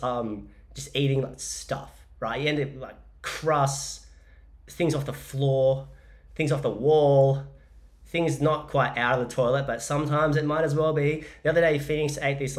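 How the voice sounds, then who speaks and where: An Australian man talks through a relaxed podcast monologue, drifting between stories and business advice. His voice sits at an ordinary middle pitch, and he rambles with plenty of fillers and jokes. He sounds like a man in his forties chatting casually. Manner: rambling, jokey storytelling with many fillers. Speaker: podcast host and business coach.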